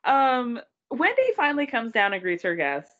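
In a muffled recording, a woman with a fairly high voice speaks at normal speed while co-hosting a casual podcast. She recaps a reality show with plenty of energy, doing put-on voices for quotes and laughing often.

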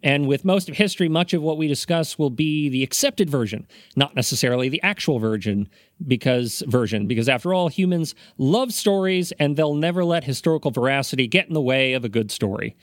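A man's voice: mid-range voice, lively intonation, brisk, no echo, clean studio sound. A man hosting a casual comedy podcast, explaining his topic with rambling, self-aware asides and a wry tone. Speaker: podcast host presenting the topic.

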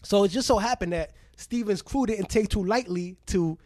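A man in his forties from the Bronx with a New York accent, a guest DJ telling lively stories in a casual interview and acting out the people in them. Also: high-pitched, moderate pace, dry recording, studio quality. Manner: animated storyteller, acting out quotes with laughter.

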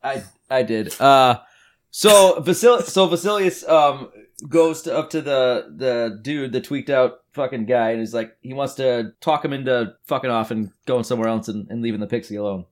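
A man's voice: medium pitch, normal speed. A man playing a tabletop game, casual, stumbling over and repeating his words, swearing freely. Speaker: player.

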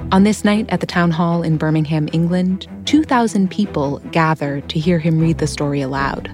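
A woman hosting a podcast, giving measured scripted narration. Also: lowish voice. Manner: measured, storytelling. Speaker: podcast host.

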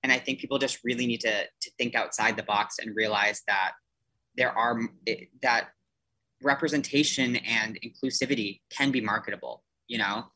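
A man in his thirties chats as a podcast guest, his voice bright and a little sharp. He wanders through his thoughts, restarting sentences and leaning on fillers as he goes. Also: mid-range voice, steady tone, normal speed, low-quality recording. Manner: rambling, many restarts and fillers. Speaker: theater performer guest. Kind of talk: casual podcast chat.

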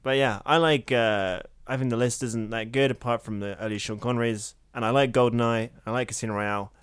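A man's voice: medium pitch, steady tone, a little fast, clear, resonant tone, dry recording, studio quality. A man with an English accent with a slight American tinge, co-hosting a podcast in a jokey, rambling casual chat. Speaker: podcast co-host.

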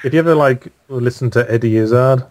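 A man with an English accent talks casually as a podcast guest. His humor is dry and wry, and his voice sits at an everyday middle pitch. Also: brisk, darkish tone. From England. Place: home in Australia, remote call.

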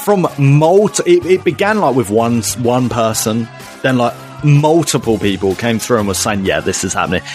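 An effusive young man co-hosting a casual chat. His voice rises and falls in a lively way as he gushes. Faint music plays underneath. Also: medium pitch, normal speed. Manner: effusive, animated, says "mate" and "man". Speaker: podcast co-host.

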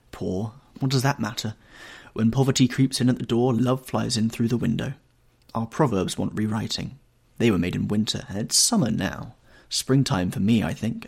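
A man's voice: lowish voice, vocal fry, a little mellow, breathy edge. A man reading an audiobook, voicing a lovestruck young actress in a raised, breathless, rapturous tone.

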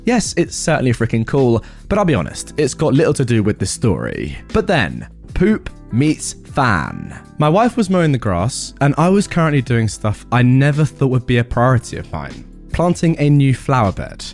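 A man's voice: medium pitch, huge pitch swings, moderate pace, a little mellow, soft background music. A man narrating a personal story with sarcastic, comic asides.

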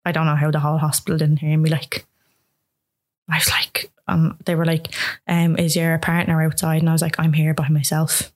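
A woman's voice: low voice, level tone, moderate pace. A young woman telling a personal story in an interview, rambling with many fillers and acting out dialogue.

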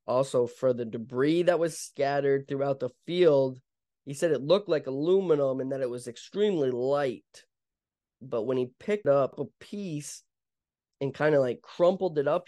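A man's voice: mid-range voice, a little mellow, no room sound, clean studio sound. Rambling young man telling a story. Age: young adult. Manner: rambling, many fillers and restarts. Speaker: podcast host. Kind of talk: casual storytelling monologue.

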